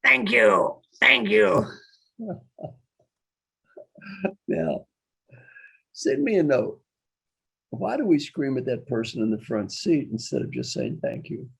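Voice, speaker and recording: A man's voice: mid-range voice, huge pitch swings, unhurried, vocal fry, long pauses, mellow, husky. A man, a leadership coach, running an interactive online workshop over a video call, who talks with energy, repeats his key phrases and quizzes his listeners.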